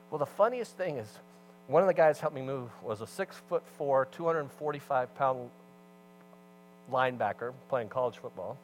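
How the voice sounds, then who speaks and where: Male pastor, fairly high voice, lively sermon storyteller, faint hum underneath. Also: low-quality recording. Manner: animated storyteller, swings between loud emphasis and hushed asides.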